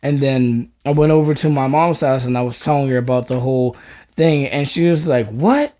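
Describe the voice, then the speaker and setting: A man's voice: mid-range voice, steady tone, a little fast, mellow. A man co-hosting a podcast, telling a story in a rambling way, full of filler words and swearing. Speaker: podcast co-host. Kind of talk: casual storytelling chat.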